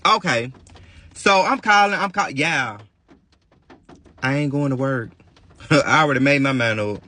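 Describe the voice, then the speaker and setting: Animated, bright-voiced man telling a story. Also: mid-range voice, unhurried. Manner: animated, profane, dramatic storytelling. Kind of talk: storytime vlog addressing viewers.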